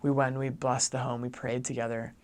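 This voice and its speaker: A young adult man who is a returned missionary tells a story at a fairly quick clip in a medium-pitched voice. He's casual, chatty and animated, and he says "like" constantly.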